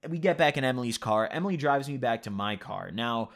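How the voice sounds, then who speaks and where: A man's voice: medium pitch, animated, fairly quick. A young man vlogging at his computer, telling a loose, profane story in casual chat, full of "you know" and "like". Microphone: computer mic at a desk.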